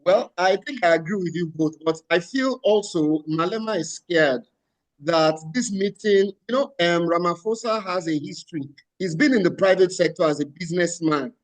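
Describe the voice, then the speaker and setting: A man on a discussion panel, speaking in a measured way with filler pauses. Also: sits high, poor audio.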